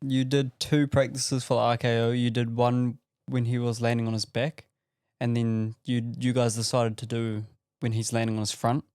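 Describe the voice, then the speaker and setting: A man's voice: mid-range voice, level tone, normal speed, a little mellow, smooth, dry recording, clean studio sound. A man recounting details in matter-of-fact casual podcast chat.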